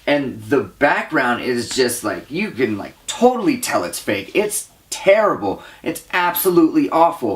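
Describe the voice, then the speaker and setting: A young man giving a casual movie review, rambling with lots of fillers, exasperated and often laughing. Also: mid-range voice. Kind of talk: casual profane movie rant.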